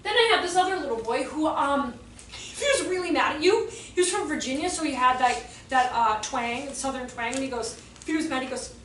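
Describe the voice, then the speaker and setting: High-voiced sassy woman trainer, echoey room. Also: a little fast. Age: 40s. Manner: lively, sassy storytelling, acts out kids' voices. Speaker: behavior trainer. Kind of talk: workshop talk to childcare staff. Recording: echoey room, distant mic, faint noise.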